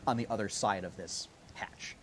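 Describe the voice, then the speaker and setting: A man narrating as game master in an unhurried, loose way, with lots of fillers. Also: on the low side, a bit bright, slight background noise.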